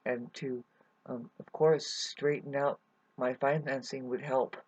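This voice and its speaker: Man, hesitant rambling update, dry close sound, husky gravelly voice. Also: medium pitch, level tone, takes it slowly, darkish tone, no echo. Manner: hesitant, full of fillers and restarts. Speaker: vlogger. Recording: dull lo-fi recording.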